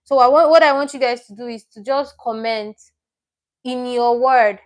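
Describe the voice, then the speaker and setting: Teaching a live online lesson, a woman speaks at a moderate pace in a slightly high voice. She's chatty, often repeats herself, and fixes her own slips while reading out viewers' names and comments.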